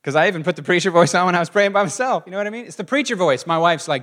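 Conversational man preaching, fairly high voice. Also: lively intonation, racing, hardly any pauses, a bit bright. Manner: conversational, asks the congregation questions. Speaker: pastor. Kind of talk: sermon.

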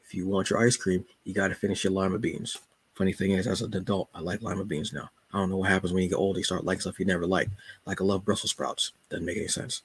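Laid-back low husky man chatting. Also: level tone, fast talker. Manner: laid-back, joking, colloquial. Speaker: podcast host. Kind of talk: casual solo chat.

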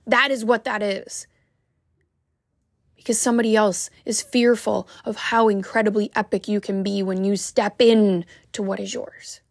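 A woman's voice: medium pitch, no room sound, clean studio sound. A woman wellness coach giving a heartfelt, emphatic motivational talk to the camera.

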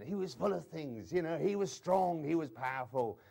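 A man's voice: fairly high pitch, animated, moderate pace, vocal fry. A man in his forties preaching a sermon in a conversational way, often adding "you know" and stumbling into restarts. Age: 40s. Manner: stammers into restarts, wide swings in loudness.

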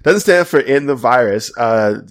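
A man's voice: mid-range voice, animated, measured pace. A man co-hosting a casual podcast chat, rambling with many restarts and frequent laughs. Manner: rambling, self-interrupting, laughs often. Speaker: podcast co-host.

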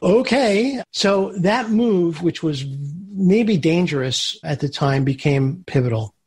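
A male entrepreneur gives an interview, telling his business stories in a lively, animated way. His voice sits fairly high and has a husky grain. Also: takes it slowly. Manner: animated storyteller who acts out quoted voices. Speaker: guest, entrepreneur. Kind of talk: storytelling interview answers.

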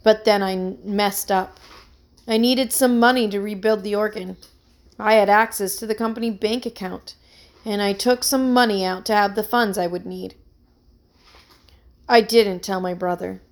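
A woman's voice: mid-range voice, fairly even intonation, moderate pace, natural voice. Storybook role: woman reads a nervous young musician pleading his innocence, earnest and worried. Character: anxious young man, a struggling musician accused of theft.

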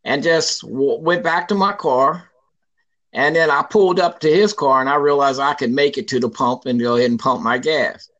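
A man in his sixties telling a personal story in an interview, lively and emphatic, acting out what people said. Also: medium pitch, normal speed, highs cut off. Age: 60s. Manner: lively, emphatic storyteller who acts out quoted lines.

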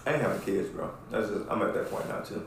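A man's voice: fairly low pitch, quick pace, slight background noise. Profane storytelling man, echoey room. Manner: profane, animated, keeps asking "right?". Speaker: podcast host. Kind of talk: casual storytelling chat.

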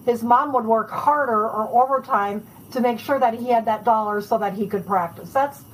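Chatty storytelling woman, slightly high voice. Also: moderate pace, slight background noise, poor audio. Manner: chatty, animated anecdotes with laughs. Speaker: author being interviewed. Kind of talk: casual storytelling interview.

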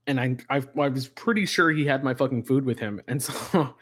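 A man's voice: medium pitch, brisk, breathy edge. A man co-hosting a podcast, telling stories in casual chat with heavy swearing and lots of energy. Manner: animated storyteller, heavy swearing. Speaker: podcast co-host.

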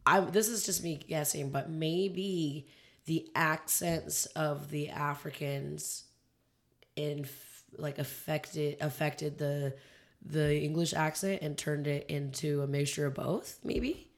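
Rich A woman from California co-hosts a relaxed podcast, her voice sitting low for a woman. She thinks aloud, trying out guesses as she goes. She teases her co-host in a friendly way. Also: slow. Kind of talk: casual chat.

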